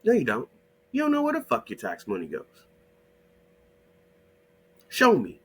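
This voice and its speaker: A man giving profane, combative ranting commentary over a shared screen, hammering rhetorical questions and repeated demands in a husky voice. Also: medium pitch, huge pitch swings, measured pace, fairly bright tone. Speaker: online video creator.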